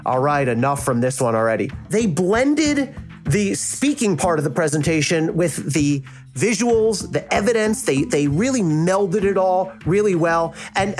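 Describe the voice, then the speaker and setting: South Jersey man, former prosecutor, blunt and animated, lively delivery. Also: high voice. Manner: frank, animated, acts out quoted reactions. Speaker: legal analyst and former prosecutor. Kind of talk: casual interview.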